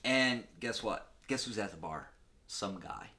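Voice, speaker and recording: A man's voice: on the low side, unhurried. Man crudely recapping a film. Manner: crude, animated retelling with acted-out quotes. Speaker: guest comedian. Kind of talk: profane comedic movie recap.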